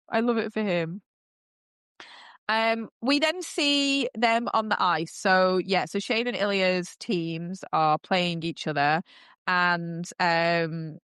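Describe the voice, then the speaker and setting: A woman's voice: mid-range voice, fairly bright tone, clear, resonant tone, no echo, clean studio sound. A woman hosting a podcast, recapping a TV series in casual, chatty talk full of "um" and "like", gushing about what she loves. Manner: chatty and gushing, heavy use of "um" and "like". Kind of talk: casual chat.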